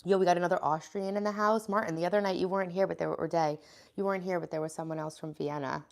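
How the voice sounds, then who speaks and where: Congested American woman with vocal fry. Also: on the low side, fairly even intonation, rapid-fire. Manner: chatty, rambling, greets viewers by name. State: congested, sniffling. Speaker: livestreamer greeting her chat. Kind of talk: casual live-stream chat.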